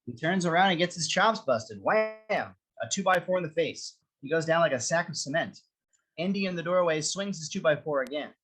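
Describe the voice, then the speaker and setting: A man's voice: on the high side, normal speed, low-quality recording. Man reading stage directions. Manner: steady, descriptive reading. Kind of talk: script reading narration.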